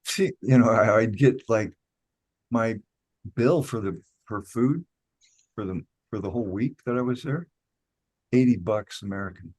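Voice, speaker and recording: An older man with a fairly low voice chats in an easygoing, talkative way. His voice sounds dry and close, with no room around it. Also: measured pace, long pauses, a little mellow, breathy edge, no room sound. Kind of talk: casual chat.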